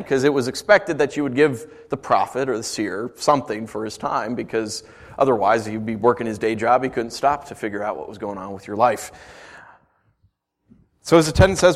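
A man's voice: mid-range voice, normal speed. A man preaching as pastor, reading scripture and then explaining it in a conversational way, full of rhetorical questions.

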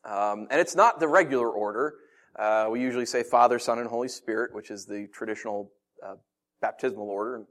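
A pastor preaching a casual, earnest sermon, often pausing with fillers. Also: male voice, medium pitch, fairly bright tone. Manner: conversational, filler-heavy, earnest.

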